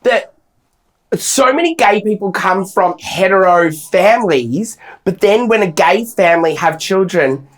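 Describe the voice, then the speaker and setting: A man co-hosting a casual podcast, telling stories in a blunt, sweary, animated way. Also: sits high, measured pace. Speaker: podcast co-host.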